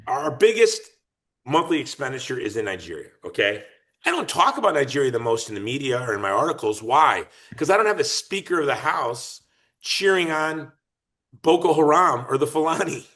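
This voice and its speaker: Emphatic, animated man. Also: a little high. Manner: emphatic, argumentative, lively and fast-shifting. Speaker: podcast guest. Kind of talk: animated political talk.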